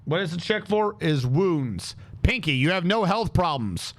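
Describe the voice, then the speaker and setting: This man's voice sits on the high side, animated yet measured in pace. He's streaming a game, talking to himself in a casual, muttering way and occasionally humming as he plays.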